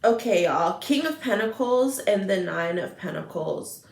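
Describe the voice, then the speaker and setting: Woman tarot reader, earnest and emotional, middle pitch, roomy echo around her voice. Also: lively intonation, measured pace, vocal fry, slight background noise. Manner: earnest, emotional, repeats phrases. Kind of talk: spiritual tarot reading.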